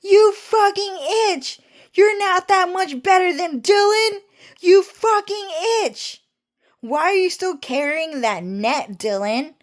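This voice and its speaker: A shrill, catty young woman, shrieks insults and curse words in a high, strained voice. She gushes over one friend and sneers at another. Her pitch jumps far above the narrator's own voice. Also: animated, slow, full character voice. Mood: shrill mocking. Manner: shrieking, cursing, gushing then sneering.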